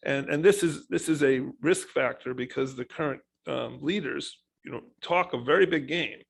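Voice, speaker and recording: Gravelly man, emphatic. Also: on the high side, moderate pace, slight background noise, rough recording. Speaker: panelist, economist. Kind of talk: panel discussion.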